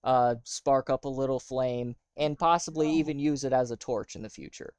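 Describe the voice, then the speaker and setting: A man's voice: mid-range voice, fairly even intonation, normal speed, darkish tone, clean tone, no room sound. A man running a tabletop game as game master, talking casually and rambling with fillers.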